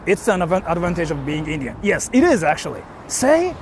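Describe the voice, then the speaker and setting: Man, casual vlogger, high voice, emphatic and chatty. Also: very animated, fairly quick, hardly any pauses, noisy background. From Japan. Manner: emphatic, repeats "see?" and "like" often, swears. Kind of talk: casual vlog talk to viewers. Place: walking through a convenience store.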